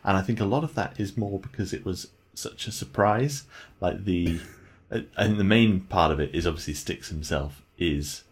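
Brief: low-pitched male co-host, loose rambling review chat, laughs easily. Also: moderate pace, hardly any pauses, breathy edge. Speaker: podcast co-host. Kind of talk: casual game review chat.

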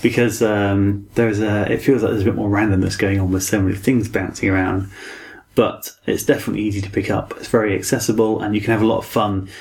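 A man's voice: on the low side, level tone, quick pace, a little mellow. A man co-hosting a casual game review chat, easygoing and thoughtful. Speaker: game podcast co-host.

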